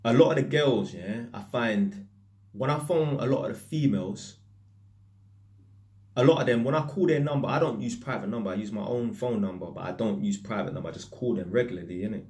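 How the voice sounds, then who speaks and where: A man's voice: on the low side, fairly quick. Slangy British man telling stories. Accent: British, London street slang. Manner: slangy, lively anecdotal delivery. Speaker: electrician. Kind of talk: casual storytelling to camera.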